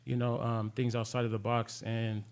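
A man's voice: medium pitch, level tone, normal speed, darkish tone, clean tone. A man co-hosting a podcast, joking around in slangy, casual talk. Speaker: podcast co-host. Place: podcast studio.

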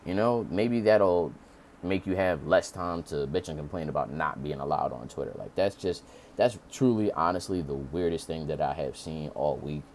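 Deep-voiced man ranting with profanity. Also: moderate pace, a little hiss or hum. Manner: profane, animated, mocking falsetto impressions. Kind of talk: ranting commentary.

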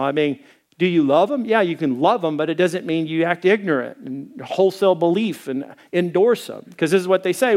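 A man from Arkansas preaching a conversational, animated sermon as the church's pastor. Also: high voice, moderate pace.

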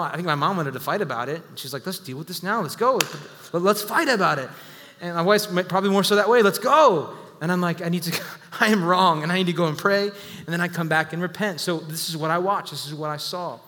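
A man in his thirties preaching a sermon, telling a story with self-deprecating humor and sudden animated bursts. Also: a little high, big-room sound. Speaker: pastor.

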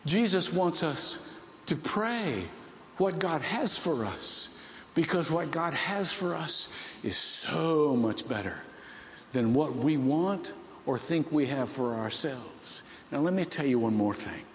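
A man's voice: a little high, lively intonation, takes it slowly, roomy sound, big-room sound, slight background noise. A man from Ohio preaching a sermon, telling a story with many restarts and rising emotional swells. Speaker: pastor.

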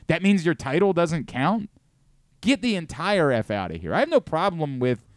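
A middle-aged man hosting a sports talk show, ranting and gushing in a casual, profane, excitable way. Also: on the high side, no room sound, clean studio sound. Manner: animated, profane, rapid swings between excitement and rant. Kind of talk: casual sports radio chat.

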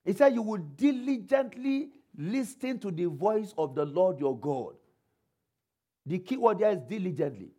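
A male preacher delivering a sermon, quoting scripture, asking the congregation rhetorical questions and calling for responses, slowing and speeding for emphasis. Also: sits high. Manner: varies pace and loudness for emphasis.

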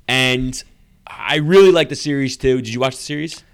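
A man with a mid-range, resonant, clear voice co-hosts a podcast at a moderate pace, chatting casually, rambling and laughing through his stories. The studio recording is clean, with no echo.

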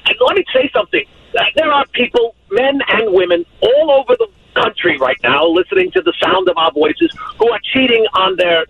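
Man, high-pitched, emphatic, folksy, repeats himself, phone-line sound, faint hiss. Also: wildly swooping pitch, brisk, gravelly, slightly rough. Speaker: psychic radio guest on the phone. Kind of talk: call-in radio reading. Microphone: telephone.

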